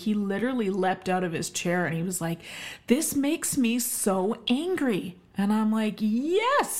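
A middle-aged woman from Canada hosting her own podcast solo, talking in an emphatic, effusive way with many ums and uhs. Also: medium pitch. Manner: warm, emphatic, effusive with frequent fillers. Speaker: podcast host, health expert.

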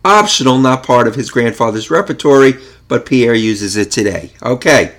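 A man hosting a casual podcast, chatting in a relaxed way and reading a recipe aloud. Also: medium pitch, normal speed. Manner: relaxed, chatty, self-correcting. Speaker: podcast host.

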